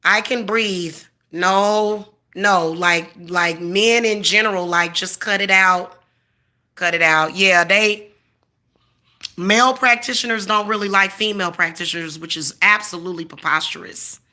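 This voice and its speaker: Bright-voiced woman ranting profanely. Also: on the low side, unhurried. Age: 40s. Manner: boastful, defiant. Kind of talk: ranting monologue to camera.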